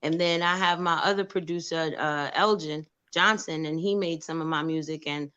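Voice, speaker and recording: A woman producer and actress talking as a guest in a casual interview, lively and outspoken. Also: low voice, normal speed, smooth, dull audio.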